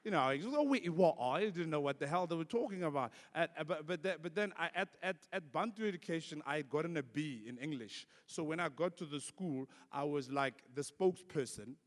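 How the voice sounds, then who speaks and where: High-voiced South African male comedian. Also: brisk, few pauses. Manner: animated storytelling that acts out voices. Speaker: stand-up comedian. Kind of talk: stand-up comedy. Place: large conference hall. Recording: long hall reverb.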